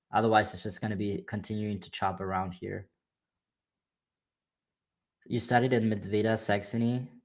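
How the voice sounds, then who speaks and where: A man with a German accent hosting a trading livestream, chatting casually and hyping viewers, calling them bro. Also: on the low side. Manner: hyped and slangy, calls viewers bro.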